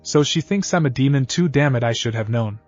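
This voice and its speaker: A man's voice: medium pitch, brisk, muffled recording, soft background music, close to an everyday voice. Naruto, a bitter boy ninja, read by a man. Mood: agitated.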